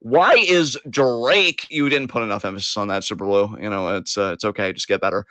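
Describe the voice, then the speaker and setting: A man's voice: lowish voice, quick pace, a bit bright, clean tone, no room sound. A man hosting a casual podcast chat, joking, laughing and swearing casually. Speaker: host.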